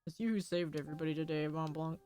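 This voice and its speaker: Low-voiced woman streamer reading game text. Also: steady tone, fast talker, dark tone, soft background music. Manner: reads story lines aloud then reacts with laughs and swearing. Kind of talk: casual let's-play commentary, reading game dialogue aloud.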